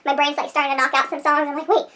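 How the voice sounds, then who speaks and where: Brief: giggly woman vlogger, very high and bright voice, rambling self-mocking chatter, mic a little distant, faint music behind. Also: completely flat delivery, rapid-fire. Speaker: beauty vlogger. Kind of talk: rambling outtake chatter to camera. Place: room at home.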